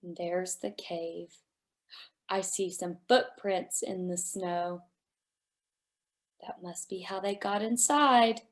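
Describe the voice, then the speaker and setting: Woman, children's read-aloud, gasping wonder, unhurried delivery, reverberant room. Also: lowish voice, a little hiss or hum. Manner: animated and wondering, with frequent gasps, speaking to a child audience. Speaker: children's story time reader. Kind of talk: reading a picture book aloud to young children. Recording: echoey room.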